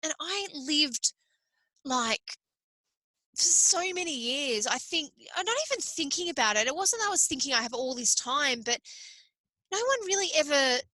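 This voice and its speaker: Casting: woman podcast host, bright forceful tone, fairly high voice, earnest and emphatic. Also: animated, moderate pace, no echo, low-quality recording. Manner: earnest, repetitive, emphatic with occasional swearing. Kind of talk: motivational solo podcast.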